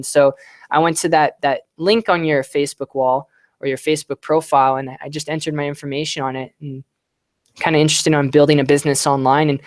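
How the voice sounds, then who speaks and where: A man's voice: on the high side, dry recording, studio quality, natural voice. A man voicing a chatty, eager female prospect on a sales phone call, explaining why she wants to quit her job.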